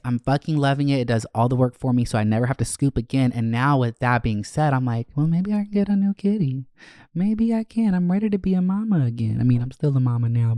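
A man talking freely and profanely as the host of his own podcast, rambling and correcting himself as he goes. His tone is clean and resonant, and it spikes up high when his feelings take over. The recording is dry and close, with no room sound. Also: darkish tone, clear, resonant tone, dry recording. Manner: candid and profane, with sudden high-pitched bursts of emotion; rambling, with frequent fillers and self-corrections. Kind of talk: casual solo podcast chat.

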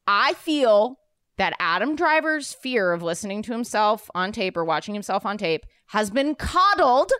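A woman's voice: mid-range voice, sing-song, moderate pace, fairly bright tone, clean tone, no room sound, studio quality. A woman comedian co-hosting a casual podcast, wry and emphatic. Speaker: comedian co-host.

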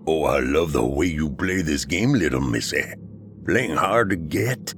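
A man voicing a crude, leering grown man with a low, slow drawl. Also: animated, a bit bright, soft background music, heavily acted.

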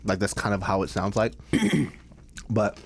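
A man chatting over a meal in a joking, self-mocking way. His voice is animated, with a wide, lively pitch range. He talks casually and readily breaks into laughter. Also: unhurried, gravelly. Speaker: podcast co-host. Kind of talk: casual chat over food.

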